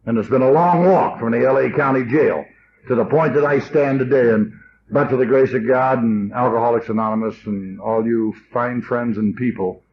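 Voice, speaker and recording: A man's voice: mid-range voice, moderate pace. A man in his fifties giving a blunt, emotional AA talk to an audience. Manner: rough, blunt and emotional storytelling. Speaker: AA speaker. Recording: dull old cassette tape with faint hiss.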